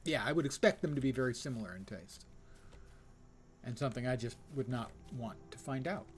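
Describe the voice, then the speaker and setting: An older man streaming a game, chatting casually and rambling with frequent filler pauses. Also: mid-range voice, expressive, soft background music. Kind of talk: casual gaming commentary.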